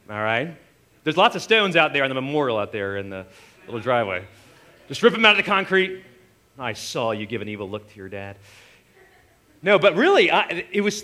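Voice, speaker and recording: A man preaches in an easygoing, conversational way, his voice bright and forceful. His pitch swings widely as he acts out the people he quotes. He sits a little higher than most men. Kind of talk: sermon.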